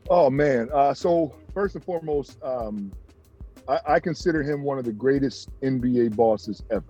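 A man, a former pro basketball player, telling stories in a casual interview, animated and jumping up in pitch when he acts out other people. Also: normal speed, dull audio, soft background music.

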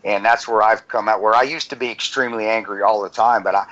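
A man's voice: on the low side, steady tone, quick pace, fairly bright tone, highs cut off. A man hosting a podcast, talking earnestly with many stammers and restarts. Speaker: podcast host. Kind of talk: casual podcast conversation.

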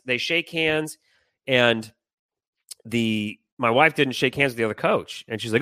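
Bright, animated man telling a story. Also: mid-range voice, moderate pace, dry recording, clean studio sound. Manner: animated, swearing, acts out quoted people. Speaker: podcast co-host. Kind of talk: casual storytelling chat.

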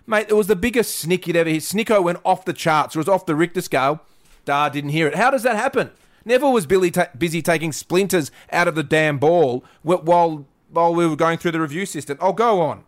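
Fired-up Australian man ranting. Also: fairly high pitch. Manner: indignant, rapid-fire complaints. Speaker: co-host. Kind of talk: fired-up podcast rant.

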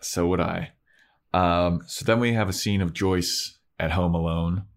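Deep-voiced man recapping a show. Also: fairly even intonation, unhurried. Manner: acts out characters' lines in mock voices. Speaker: podcast co-host. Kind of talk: casual recap chat.

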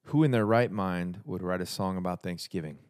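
A man hosting a podcast, chatting casually with a guest and telling stories, sinking into a low confiding tone for anecdotes. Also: a little fast, a little mellow, smooth. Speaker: podcast host. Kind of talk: casual chat and storytelling.

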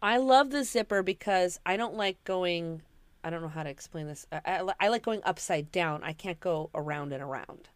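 A woman's voice: on the low side, normal speed, smooth, dry recording. A woman co-hosting a podcast in casual chat, telling rambling stories with many restarts. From Washington state. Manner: chatty storyteller, rambling with restarts. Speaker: podcast co-host.

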